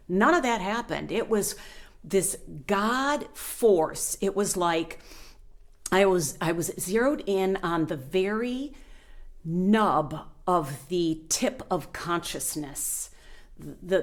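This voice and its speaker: Middle-aged woman hosting a meditation channel: heartfelt spiritual storyteller, low gravelly voice, earnest with frequent pauses. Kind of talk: personal storytelling to camera.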